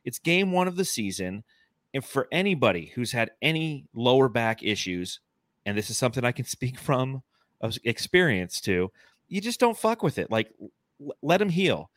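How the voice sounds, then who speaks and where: A man's voice: medium pitch, sing-song, normal speed, a bit bright, no echo, studio quality. A man in his forties hosting a casual sports podcast, enthusiastic and rambling. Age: 40s. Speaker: podcast host.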